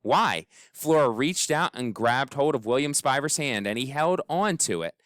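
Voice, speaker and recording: A man narrating an audiobook in an expressive, wry storytelling manner. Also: medium pitch, normal speed, dry recording, studio quality. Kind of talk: scripted narration.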